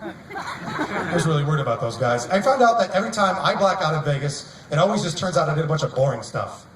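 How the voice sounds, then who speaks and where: A man doing a live stand-up set on an outdoor stage, wry and deadpan, sometimes laughing at his own jokes. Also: a little high, fast. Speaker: stand-up comedian. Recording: echoey, distant mic, noisy outdoor crowd. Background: outdoor crowd ambience.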